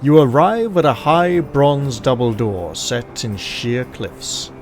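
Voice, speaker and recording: A man reading a solo gamebook aloud with measured, dramatic narration and commenting on his choices as he plays. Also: medium pitch. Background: music.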